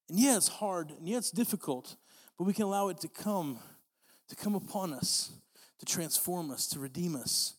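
A man's voice: on the high side, long reverb tail. A young man preaching a sermon, earnest and repetitive, often restarting his phrases. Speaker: pastor.

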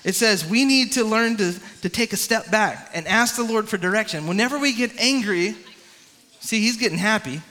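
Man as youth pastor, high and bright, interactive coaching delivery, reverberant hall. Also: moderate pace. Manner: energetic, interactive, coaching and calling on the crowd. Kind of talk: youth sermon with a live swimming demonstration.

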